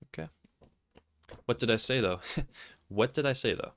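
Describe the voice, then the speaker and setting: A man hosting a trading video, talking over his screen in a casual, excitable and sarcastic, self-mocking way. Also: medium pitch, measured pace, long pauses, no room sound. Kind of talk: casual screen-recorded commentary.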